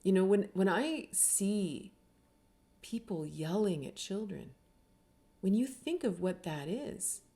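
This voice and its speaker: A middle-aged woman speaking as a spiritual teacher in a reflective talk. Her voice is mellow and warm at an ordinary pitch. She talks earnestly and keeps posing rhetorical questions to her listeners. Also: expressive, takes it slowly. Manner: earnest, uses many rhetorical questions and tags with "right?".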